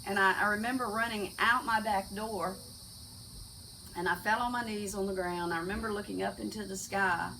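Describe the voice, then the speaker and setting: A middle-aged woman telling her personal faith testimony in a halting way, with many restarts and fillers. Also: medium pitch, steady tone, sharp tone, distant mic, a little hiss or hum, poor audio. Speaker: testimony speaker.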